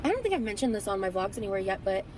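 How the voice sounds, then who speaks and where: Fast-talking tired woman vlogger. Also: mid-range voice, sing-song. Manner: chatty, rambling, lots of fillers. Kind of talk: casual vlog chat. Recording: vlog audio with clear background noise.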